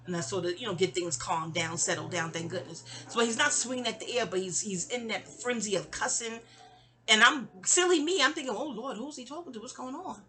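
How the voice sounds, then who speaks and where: Bright-voiced rambling New woman. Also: mid-range voice, a little fast. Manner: rambling, stammering restarts, animated quoted asides. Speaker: storyteller. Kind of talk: casual audio-diary storytelling.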